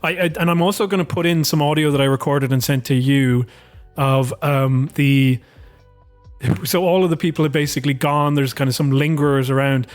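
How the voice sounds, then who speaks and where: A man co-hosts a podcast in casual, animated chat. He rambles and swears as he tells a story, and his voice sits a little high. Faint music plays behind him. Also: moderate pace. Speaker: podcast co-host.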